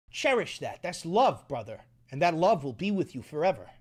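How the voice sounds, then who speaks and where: A young man hosting a comedy commentary vlog, swinging from mumbled asides to shouted rants. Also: on the high side, very animated, moderate pace.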